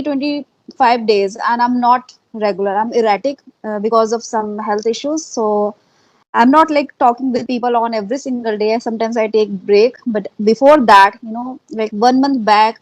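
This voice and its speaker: An Indian-accented woman who is learning English speaks earnestly as an interviewee in casual conversation, her pitch slightly high. She repeats herself and fills gaps with "uh" and "like." The lo-fi audio is dry and close, without room echo.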